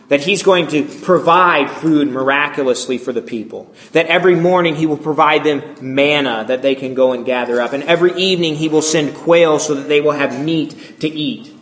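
A man giving a sermon, reading scripture and voicing the complaints with rising emphasis. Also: mid-range voice. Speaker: preacher.

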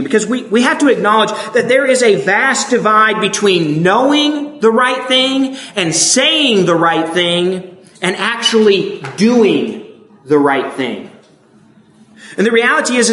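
A man's voice: sits high, fairly bright tone. A man preaching a sermon, emphatic and asking his listeners rhetorical questions. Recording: echoey room.

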